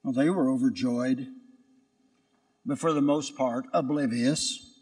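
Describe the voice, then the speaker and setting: A man's voice: mid-range voice, fairly even intonation, a little slow, darkish tone. A male priest giving a Sunday sermon, telling a story in an earnest way. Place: church at Sunday Mass. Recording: long church reverb.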